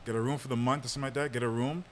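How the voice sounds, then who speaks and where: Speaking very fast, a young podcast host recounts a long personal story casually, with plenty of fillers and frequent laughs. His medium-pitched voice stays fairly even, and there is slight background noise.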